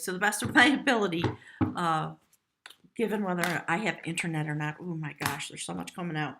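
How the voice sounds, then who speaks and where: A woman's voice: medium pitch, noisy background. Chatty woman reading tarot. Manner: chatty and earnest, rambling with restarts. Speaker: tarot reader. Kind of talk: casual tarot reading to camera.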